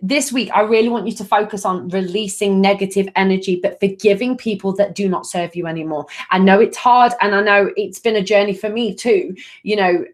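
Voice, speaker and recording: A woman's voice: medium pitch, steady tone, brisk, few pauses. A middle-aged woman hosting a live astrology reading, chatty and reassuring, often laughing at herself. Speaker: tarot and astrology reader.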